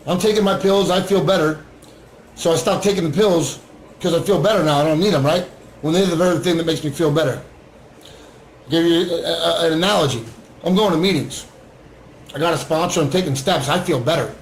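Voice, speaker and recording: A man's voice: a little high, reverberant, slight background noise, rough recording. A man and recovering addict sharing his story in an earnest livestream monologue, often asking "right?". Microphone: webcam or phone on a screen.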